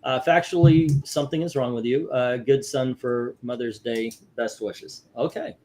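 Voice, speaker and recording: A man's voice: medium pitch, steady tone, normal speed, a little mellow, a little hiss or hum. A man hosting a casual livestream, reading out viewer scores with many fillers and hesitations. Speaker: host.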